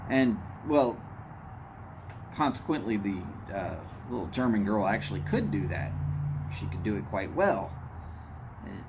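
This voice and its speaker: A man hosts a casual livestream, reading chat and talking with viewers in meandering asides; his blunt tone comes across to others as angry. His voice is on the low side, very animated, a little slow, with frequent pauses. Background noise can be heard.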